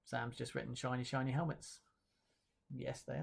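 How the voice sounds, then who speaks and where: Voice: medium pitch, level tone, moderate pace, vocal fry, pauses often, husky. Chatty, hesitant awards presenter. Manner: chatty and hesitant, with many fillers and self-corrections; light self-mocking humor. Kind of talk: live-streamed awards announcement, reading viewer comments.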